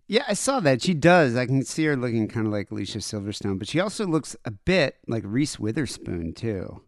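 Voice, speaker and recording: A man's voice: mid-range voice, sing-song, fairly quick, no echo, studio quality. A man co-hosting a podcast, trading wisecracks in casual banter. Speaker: podcast co-host.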